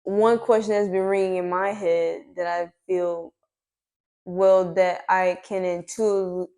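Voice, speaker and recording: A woman's voice: lowish voice, dark tone. A woman hosting a podcast in casual chat, reflective and hesitant, often restarting her sentences. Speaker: podcast host. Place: indoor room, on a couch.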